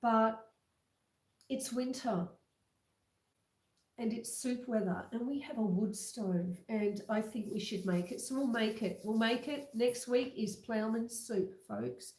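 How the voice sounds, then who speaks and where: A woman hosting a casual home livestream, chatting slowly with viewers and reading out their comments. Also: fairly high pitch, darkish tone, roomy sound. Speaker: livestream host. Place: home kitchen. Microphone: computer webcam.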